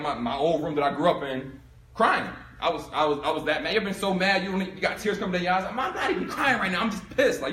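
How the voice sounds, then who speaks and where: A young man from Philadelphia giving a storytelling talk to a live audience, animated and acting out both sides of his story. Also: sits high. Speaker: speaker giving a talk on income. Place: room with an audience. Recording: echoey room.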